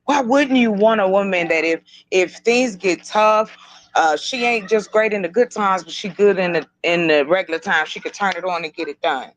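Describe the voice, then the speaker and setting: A woman's voice: mid-range voice, moderate pace, no room sound, low-quality recording. A woman speaks earnestly in a podcast discussion, pressing questions with growing passion. The sound is dry and close. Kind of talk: casual discussion.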